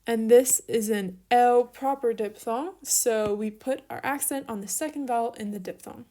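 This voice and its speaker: Writing as she goes, a young Greek teacher takes learners through verb forms step by step in an online lesson. Her voice is a little high and her pace moderate, and she apologizes briefly now and then.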